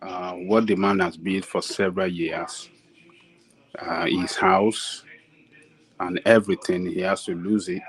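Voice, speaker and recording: A man with a Nigerian accent giving casual commentary as a guest, halting with many fillers. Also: sits low, steady tone, rough recording.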